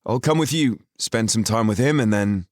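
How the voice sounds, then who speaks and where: A man's voice: on the low side, moderate pace, no echo, studio quality, pitched above the performer's own voice, lightly acted. A man voicing an unsure, earnest teenage boy in an audiobook. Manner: earnest, questioning.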